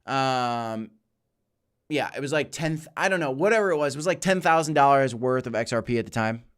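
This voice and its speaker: A man in his thirties hosting a livestream, chatting casually and answering viewer messages with animated, repetitive storytelling. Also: mid-range voice, a little fast, clear, resonant tone. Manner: animated storytelling with repeated phrases. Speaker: crypto livestream host. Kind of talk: casual livestream chat reading super chats.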